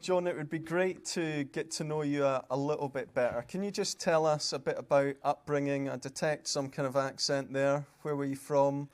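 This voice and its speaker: A man's voice: fairly high pitch, steady tone, normal speed, few pauses. A man hosting a live event in a lecture hall, speaking politely and courteously as he introduces and interviews a guest.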